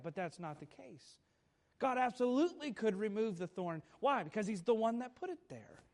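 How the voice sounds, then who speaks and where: High-voiced preacher man, earnest. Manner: earnest, rising to pleading emphasis in quoted prayers. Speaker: pastor. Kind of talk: sermon.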